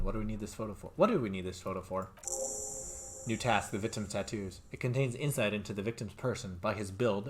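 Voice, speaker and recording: A man with a low voice reads game dialogue aloud and comments on it as he plays. His pitch leaps up when something excites him, and faint music plays under his voice. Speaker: let's play streamer.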